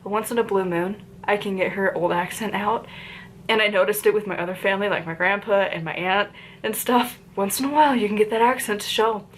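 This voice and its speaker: A woman's voice: medium pitch, fairly even intonation, brisk, a little hiss or hum. A woman with an Appalachian accent, chatting casually and rambling a bit as she reviews a book on her channel. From Appalachian region of the United States. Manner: chatty and rambling, with frequent fillers and tangents.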